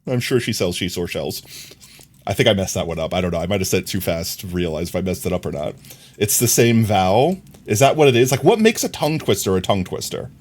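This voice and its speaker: Young male streamer, easygoing rambler who laughs easily, expressive up-and-down delivery. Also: low-pitched. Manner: rambling, self-correcting, quick to laugh. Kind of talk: casual live-stream chat while gaming.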